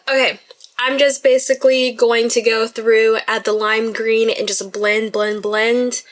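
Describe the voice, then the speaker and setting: A woman's voice: a little high, little pitch movement, slow. A young woman chatting casually through a makeup tutorial in her bedroom, apologizing often and laughing at herself. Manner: chatty, apologetic, self-deprecating. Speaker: beauty vlogger.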